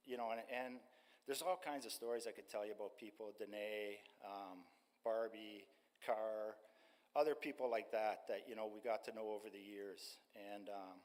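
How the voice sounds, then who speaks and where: A retired man in his sixties, a street ministry worker, telling his personal testimony to a church congregation in a halting way, with many fillers. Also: lowish voice. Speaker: street ministry staff member. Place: church sanctuary. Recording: long church-hall reverb.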